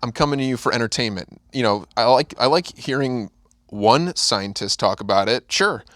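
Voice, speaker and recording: A man's voice: mid-range voice, animated, moderate pace, fairly bright tone, no echo, clean studio sound. A young adult man, a guest on a podcast, giving earnest opinions in casual chat and hedging them.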